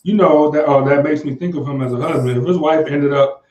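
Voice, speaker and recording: A man's voice: a little high, brisk, darkish tone. Laid-back man in an echoey room. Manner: laid-back, repeats himself, trails off with "like". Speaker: podcast co-host. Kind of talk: casual chat reading viewer comments.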